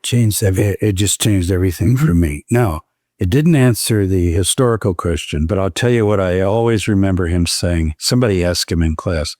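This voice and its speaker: Older guy in his 70s spinning stories, deep-ish voice, dry recording, acts out quotes. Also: brisk, no echo. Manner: lively, quotes others in voiced asides. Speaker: guest scholar. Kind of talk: anecdotal storytelling in conversation. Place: indoors, in-person conversation.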